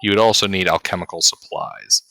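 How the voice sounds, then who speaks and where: Guy gm'ing a tabletop game, slow and careful, bright edge to his voice, dry close sound. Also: low voice, steady tone, no echo. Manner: slow, deliberate narration with pauses. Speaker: game master.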